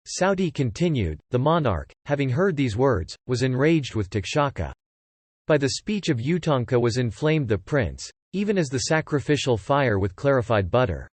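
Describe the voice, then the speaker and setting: A man reading an old epic translation aloud as scripted narration, in an even, measured way. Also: medium pitch, husky, no room sound. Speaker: audiobook reader.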